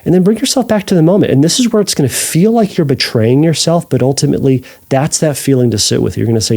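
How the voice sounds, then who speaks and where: Male therapist host, gravelly mellow voice, measured advice, restarts often. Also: on the high side, animated. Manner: thoughtful, with frequent restarts and self-corrections. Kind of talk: answering a listener's question.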